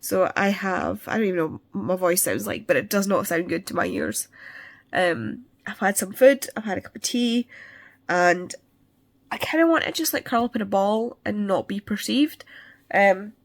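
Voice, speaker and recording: A book vlogger chats casually to her viewers, first from a parked car and then at home, rambling with many fillers and restarts. She's losing her voice and sounds congested, speaking at a middling pitch and moderate pace with lively intonation and vocal fry.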